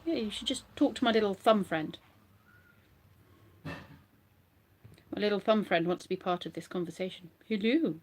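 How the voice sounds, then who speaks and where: A woman's voice: medium pitch, a little slow, long pauses. A woman vlogging casually from bed at home, giggly and rambling as she chats to her viewers. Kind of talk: casual live chat to viewers.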